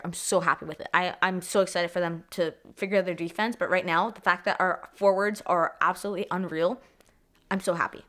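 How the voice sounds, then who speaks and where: A young woman from Canada chatting excitedly as a sports vlogger, swearing freely, repeating herself and trailing off mid-thought. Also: mid-range voice. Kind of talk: excited casual vlog chat.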